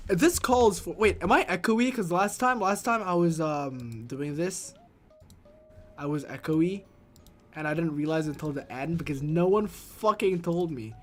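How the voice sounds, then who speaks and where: A young man in his twenties chatting casually on a stream and reading chat aloud. He is excitable and swings from low mutters into loud shrieks. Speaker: VTuber streamer.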